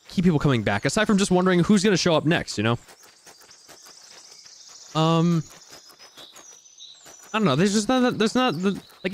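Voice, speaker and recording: A man's voice: a little high, a little hiss or hum. A man casually commenting on a game while he plays, rambling and searching for his words. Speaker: gameplay commentator. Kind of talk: casual let's-play commentary.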